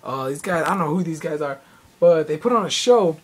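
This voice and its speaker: A young man talks through a live event he went to in a loose, rambling way. He gets excitable, stacks up fillers and slips into acted-out quotes as he goes. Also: a little high, brisk, husky. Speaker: vlogger. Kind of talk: casual recap of a live event.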